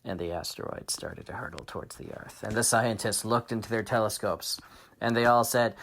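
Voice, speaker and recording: A man hosting a children's story podcast, telling an improvised tale with shouted sound effects and dramatic hushed asides. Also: on the low side, a little fast.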